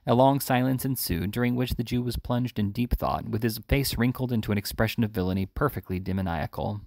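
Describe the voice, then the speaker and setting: A man reading a classic novel aloud in a steady, plain storytelling manner. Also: mid-range voice, fairly quick, vocal fry, dry recording, clean studio sound. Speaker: reader.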